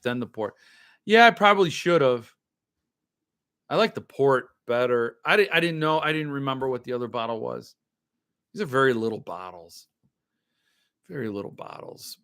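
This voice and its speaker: A man's voice: medium pitch, a bit bright. A man hosting a podcast, rambling in loose, joking casual chat while he opens and drinks wine. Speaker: podcast host.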